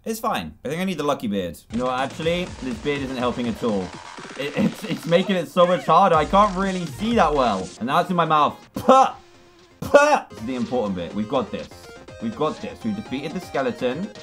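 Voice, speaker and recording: A man giving excitable let's-play commentary on a video game, exclaiming and laughing as he plays. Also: medium pitch, brisk, soft background music. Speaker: gaming YouTuber.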